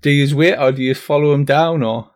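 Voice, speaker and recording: Halting male game master, slightly high. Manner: halting, full of ums and little laughs. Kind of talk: narrating a tabletop game.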